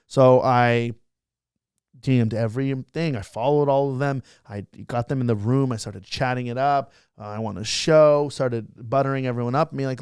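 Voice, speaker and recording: A young man, a social media creator, telling a story as a guest in a casual interview, animated and acting out other people's lines. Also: mid-range voice, clean tone, no echo, studio quality. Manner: fast, animated storytelling, acts out quotes.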